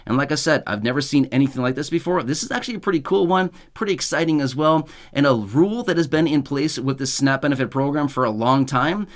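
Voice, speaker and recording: A man's voice: fairly high pitch, quick pace, hardly any pauses. Chatty upbeat man explaining benefits news. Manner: chatty, repetitive, upbeat, lightly sarcastic. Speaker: YouTube channel host. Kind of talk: casual explainer monologue.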